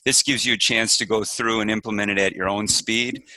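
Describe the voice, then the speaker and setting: A man guest on a podcast, explaining his coaching course in casual, steady talk. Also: fairly low pitch, fairly quick, dry recording, rough recording. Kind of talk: casual interview chat.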